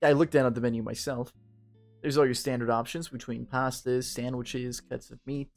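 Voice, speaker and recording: A tipsy game streamer gives casual, drunk commentary, reading on-screen text aloud while rambling, swearing, and joking. His voice is medium-pitched with little pitch movement, he speaks at a moderate pace, and faint music plays behind him.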